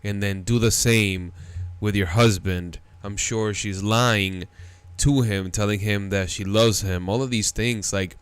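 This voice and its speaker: A man's voice: fairly low pitch, fairly even intonation, measured pace, clean tone, dry recording. Blunt, incredulous male reaction host. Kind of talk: commentary on a played clip.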